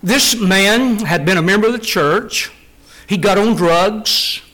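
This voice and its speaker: A man's voice: high voice, slow pace, sharp tone, low-quality recording. A middle-aged man preaching a sermon in an earnest, emphatic way, repeating phrases for stress.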